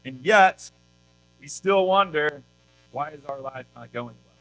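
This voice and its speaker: A man's voice: fairly high pitch, lively intonation, measured pace, fairly bright tone, a little hiss or hum, poor audio. A man preaching a youth sermon at a church service in a casual, conversational way, often tossing in rhetorical questions. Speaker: youth pastor.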